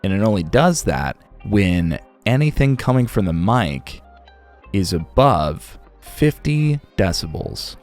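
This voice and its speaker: A man who narrates audiobooks, chatting casually on a livestream in a relaxed, rambling way and reading chat questions aloud. His voice is a little sore. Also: fairly low pitch, takes it slowly, soft background music. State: slightly sore voice.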